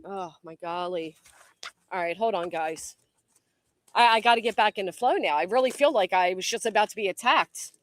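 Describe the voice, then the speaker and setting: A woman's voice: mid-range voice, moderate pace, fairly bright tone. A woman hosting a casual commentary livestream outdoors by a tree, jumpy and swearing a lot as she talks to her chat.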